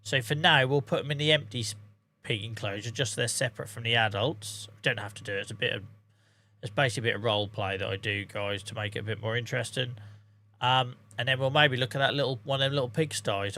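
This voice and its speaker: A man's voice: medium pitch, steady tone, quick pace, bright, forceful tone. A man with a Norfolk accent chatting casually to viewers as he streams a farming game. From England. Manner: chatty, talks to chat viewers, says mate. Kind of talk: casual live-stream gameplay commentary.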